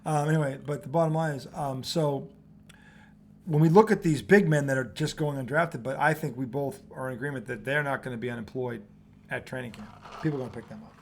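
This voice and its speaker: A man hosting a sports talk show, telling stories in an animated, profane way and acting out quotes. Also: mid-range voice, a little fast. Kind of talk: casual sports debate.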